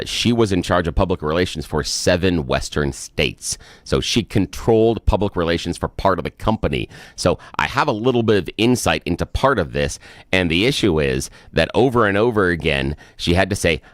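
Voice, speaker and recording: A man's voice: low voice, animated, normal speed, fairly bright tone, no room sound, clean studio sound. A man co-hosting an opinionated talk radio show, talking emphatically with an exasperated, blunt edge. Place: radio studio.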